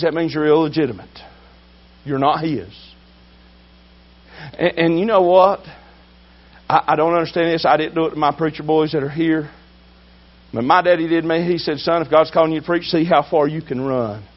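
A man preaching a sermon with emphasis, swinging between loud drawn-out shouts and low asides. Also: dull audio.

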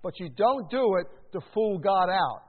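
A man with a somewhat high voice preaches with animated emphasis, mixing conversational asides with bursts of shouting. The sound is thin and phone-like, with a long reverb trailing off the walls of a large hall. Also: moderate pace. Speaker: pastor. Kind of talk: sermon. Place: church sanctuary.

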